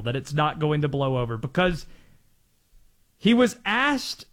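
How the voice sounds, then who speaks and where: A young man co-hosting a sports talk show, arguing his point quickly and laughing as he goes. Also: high voice. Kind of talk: casual sports debate.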